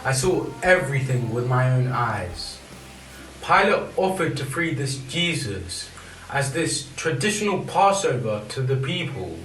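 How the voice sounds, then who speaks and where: An actor playing a Roman soldier giving a matter-of-fact eyewitness account in a stage play. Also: male voice, medium pitch, very animated, unhurried, fairly bright tone. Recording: distant echoey room with faint music.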